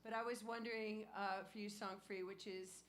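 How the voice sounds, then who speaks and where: A woman's voice: mid-range voice, fairly even intonation, normal speed. Teasing woman chatting on stage. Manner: teasing, playful. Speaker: guest musician co-hosting the set. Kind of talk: casual live stage chat.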